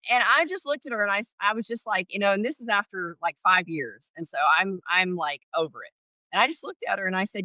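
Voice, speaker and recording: Animated and fairly quick, a middle-aged woman from Georgia speaks in a mid-range, bright, forceful voice as she tells candid stories from her days as an ER paramedic. As a podcast guest in a storytelling interview, she acts out the dialogue with energy. There's no echo, though the recording is rough.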